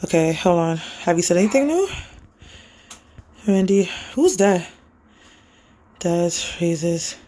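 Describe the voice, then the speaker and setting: A woman's voice: fairly low pitch, animated, slow, long pauses, dark tone. A young woman vlogging casually while she cleans, rambling and chatty, talking to a child off camera and reading comments aloud.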